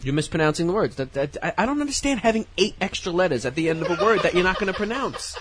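Brief: male co-host, slightly high and lively, argumentative, faint hiss. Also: fast talker. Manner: arguing, laughing easily. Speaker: podcast co-host. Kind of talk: casual banter.

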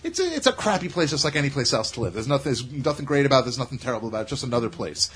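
New guy ranting fast on a podcast, husky, sarcastic, swears a lot. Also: mid-range voice, big pitch swings, a bit bright. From Staten Island, New York. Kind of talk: casual chat.

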